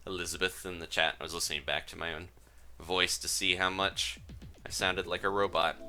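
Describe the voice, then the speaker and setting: A man's voice: sits low, little pitch movement, a little fast, bright, forceful tone, faint music behind. A man casually chatting and rambling while hosting a live gameplay stream, laughing often. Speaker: gaming streamer host.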